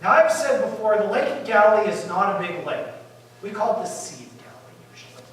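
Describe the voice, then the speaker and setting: A male pastor telling a story in a sermon, lively and animated, acting out the disciples' panic and dropping to quiet asides. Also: high-pitched, fast talker. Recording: echoey room from far off.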